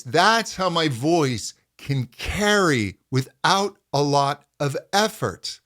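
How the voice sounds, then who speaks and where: A middle-aged man teaching a voice lesson as a vocal coach, calmly explaining and demonstrating hums and pitch slides. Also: slow, few pauses.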